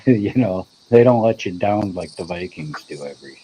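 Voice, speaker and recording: A man's voice: sits low, expressive, moderate pace, very noisy. A man from Minnesota chatting casually as host, modest and self-deprecating, with a rambling way of talking. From Minnesota, USA. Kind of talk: casual chat.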